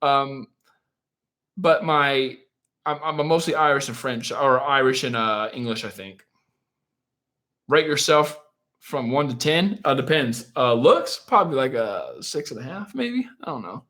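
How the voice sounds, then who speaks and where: A man's voice: medium pitch, animated, measured pace, bright, forceful tone. A man hosting a live stream, chatting casually and answering viewer questions in a joking, self-mocking, rambling way, often laughing.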